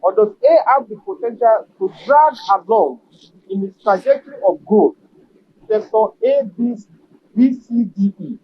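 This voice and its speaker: A man, a business association leader, answering an interview question in a measured, emphatic way and repeating key phrases. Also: high-pitched, expressive, slightly rough, dull audio.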